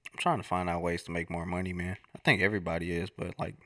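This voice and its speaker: Deep-voiced laid-back young man. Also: fairly even intonation, fast, a bit bright, no echo, studio quality. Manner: laid-back slangy storytelling. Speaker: podcast co-host. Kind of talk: casual chat.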